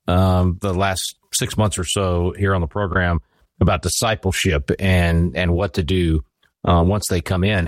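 A male program host with a very low voice asks his guest a question in a measured, unhurried way. His voice is dry and close to the mic. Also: dry recording. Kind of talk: interview questions.

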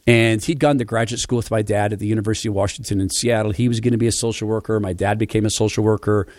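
A man's voice: on the low side, fairly even intonation, fast, a little mellow, no echo. A man from Spokane giving a reflective personal monologue, telling stories in an earnest, affectionate way. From Spokane, USA. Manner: storytelling, acting out quoted voices.

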